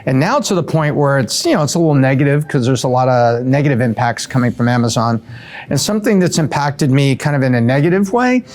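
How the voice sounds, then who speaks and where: A middle-aged man from the US East Coast answering quick questions in a casual, upbeat way, with fillers and self-corrections. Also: mid-range voice, a little mellow. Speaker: show regular answering rapid-fire questions.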